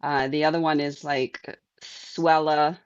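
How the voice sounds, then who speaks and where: A woman's voice: low voice, fairly even intonation, normal speed, dry recording, muffled recording. A young woman who is a guest on a podcast, chatting casually, laughing often and mimicking other people's voices. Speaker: podcast guest, sales strategist.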